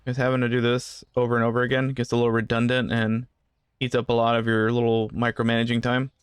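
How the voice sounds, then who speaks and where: A man's voice: mid-range voice, completely flat delivery, fast, clear, resonant tone, dry recording. A man giving casual gameplay commentary, rambling through asides and joking with the customers in the game. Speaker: gaming channel host.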